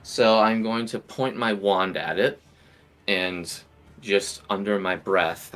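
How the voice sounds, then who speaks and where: A man's voice: low-pitched, fairly even intonation, slow pace, bright, forceful tone, soft background music. A man playing a tabletop game who describes his spells vividly and chats casually with the table. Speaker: player.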